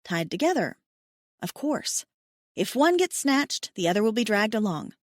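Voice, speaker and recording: Woman narrator, first-person romance audiobook, expressive, wry, dry close recording. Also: mid-range voice, normal speed, dry recording.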